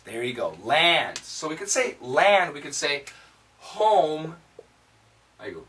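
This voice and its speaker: An American man teaching English pronunciation, patiently repeating words slowly so learners can drill them. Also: a little high, very animated, sharp tone, recorded from a distance. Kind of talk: pronunciation lesson.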